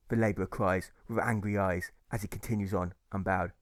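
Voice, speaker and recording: A man's voice: deep voice, steady tone, a little fast, hardly any pauses, no room sound. Male author-narrator, rhythmic rhyming audiobook read, dry close sound. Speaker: author reading his own novel.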